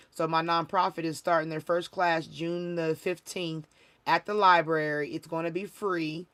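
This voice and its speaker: A woman's voice: sits low, a bit bright. Woman, livestream host, casual talk, emphatic, rambling, preachy. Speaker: spiritual reader and livestream host.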